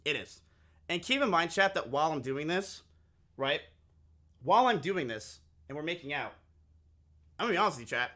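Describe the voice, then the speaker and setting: A man talks straight to his live chat, spinning a crude, candid story and repeating lines for effect. His voice sits a little high and sounds bright and forceful. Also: expressive, fairly quick, long pauses. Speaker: streamer.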